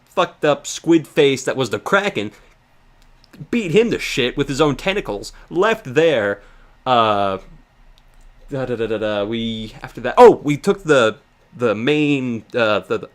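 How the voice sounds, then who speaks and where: A man casually recapping a video game in a rambling, profane, excitable rant. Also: medium pitch. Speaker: let's play host.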